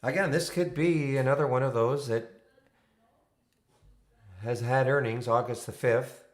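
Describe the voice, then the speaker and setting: A man's voice: medium pitch, steady tone, unhurried. A man hosting a live trading room, giving loose running commentary and thinking aloud as he goes. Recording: echoey room.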